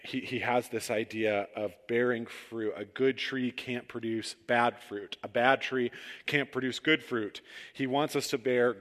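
Man, 30s, pastor, sermon, conversational, emphatic, mid-pitched, long hall reverb. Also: fairly even intonation, a little slow, fairly bright tone. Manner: conversational, emphatic, self-deprecating asides.

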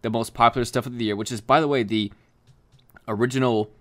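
A man's voice: mid-range voice, steady tone, quick pace. A young man, the podcast co-host, chatting casually, full of fillers and restarts and swearing often. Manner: rambling, profane, frequent fillers and restarts. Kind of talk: casual chat.

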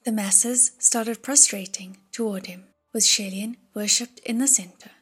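A woman narrating an audiobook chapter in a hushed, breathy reading voice. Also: mid-range voice, fairly even intonation, measured pace, faint music behind.

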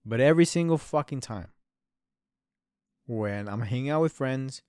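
A young man in his early twenties rambles through a story, full of swearing and "bro". His voice is clean and smooth, at an ordinary male pitch. It is recorded close and dry, with no room sound. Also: lively intonation, moderate pace, a little mellow, no room sound. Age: 20s. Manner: rambling and profane, with frequent "bro" and "dude". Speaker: podcast host. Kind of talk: casual storytelling.

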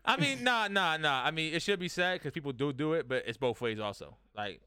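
A man hosts a loose, joking group podcast, talking quickly and laughing often. His voice is bright and crisp, and the room sounds dry. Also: fairly high pitch, animated, no room sound. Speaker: podcast host. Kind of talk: casual group chat. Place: studio room with several guests.

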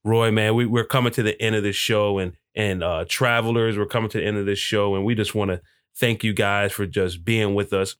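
A man hosting a podcast, wrapping up the show in a relaxed, casual way and often saying "man". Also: on the low side, fairly quick, clear, resonant tone, no room sound, clean studio sound. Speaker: podcast host.

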